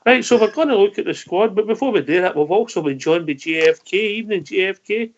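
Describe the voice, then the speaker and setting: A man's voice: high voice, animated, fast talker. A man hosting a casual radio phone-in, teasing and joking with callers. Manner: teasing, jokey. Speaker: phone-in host. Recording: dull lo-fi online call audio.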